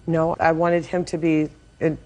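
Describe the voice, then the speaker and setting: Brief: lower-voiced woman plaintiff, halting testimony, light background hiss. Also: monotone, darkish tone. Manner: hesitant, with ums and restarts. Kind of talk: courtroom testimony.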